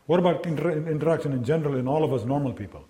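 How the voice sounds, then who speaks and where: A man giving a lively academic lecture to a live audience, quizzing the listeners and acting out sounds and quoted voices. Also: fairly high pitch, racing. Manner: lively, engaging, asks the audience questions.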